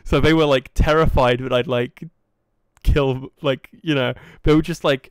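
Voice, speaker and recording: Young male podcast host, clear higher voice, dry close mic, lively storyteller. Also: measured pace, no room sound. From England. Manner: animated, acts out quoted dialogue. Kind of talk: casual storytelling chat.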